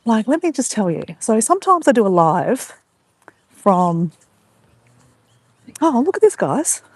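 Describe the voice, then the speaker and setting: A woman's voice: fairly high pitch, sing-song, measured pace, dry recording. Chatty Australian woman vlogging on a walk. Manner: chatty, greets viewers by name. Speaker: live-stream vlogger. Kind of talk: casual live-stream chat while walking. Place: outdoors on a beach walk at sunset. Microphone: phone held while walking.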